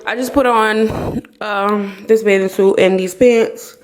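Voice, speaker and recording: A woman's voice: mid-range voice, steady tone, slow. Woman, Caribbean accent, casual travel vlog chat, echoey phone recording. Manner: laid-back, chatty, trails off with fillers. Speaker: vlogger. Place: outdoors at a resort.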